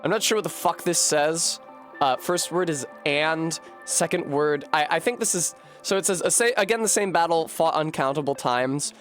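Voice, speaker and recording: A man's voice: on the high side, moderate pace, fairly bright tone, faint music behind. Rambling, swearing male game streamer. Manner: rambling, swears freely, self-deprecating. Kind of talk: casual live-stream commentary.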